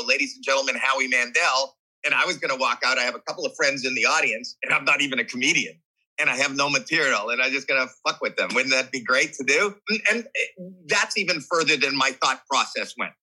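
A man's voice: medium pitch, low-quality recording. A man in his sixties as an interview guest, telling a story animatedly, acting out voices and reactions, with frequent restarts and repeated words. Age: 60s. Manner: animated, acts out voices and reactions while recounting. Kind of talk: candid storytelling conversation.

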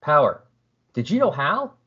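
A man's voice: fairly high pitch, sing-song, unhurried, pushed and bright, slightly rough, muffled recording, full character voice. A man voicing an earnest young male superhero who speaks emphatically. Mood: somber. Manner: emphatic and indignant.

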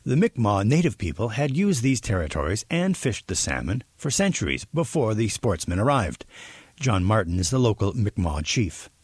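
A man reading scripted documentary narration as the reporter, in a measured storytelling way. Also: lowish voice, sing-song, breathy edge, dry recording.

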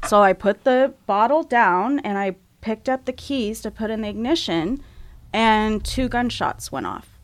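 A middle-aged woman, appearing as an interview guest, candidly tells a personal story and acts out what she was thinking at the time, growing animated as she retells it. Her voice is fairly high and a little slow, and the recording is dry.

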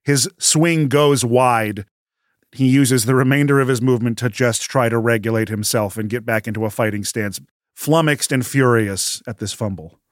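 A man running a tabletop game as game master, narrating the battle in a measured, descriptive way. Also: medium pitch, no echo, studio quality.

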